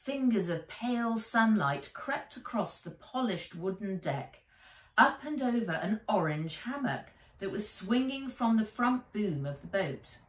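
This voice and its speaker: A woman author reading her children's book aloud in an expressive, animated way, recording in a small shed. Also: medium pitch, a little slow. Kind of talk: storybook read-aloud. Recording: echoey room, mic a bit distant.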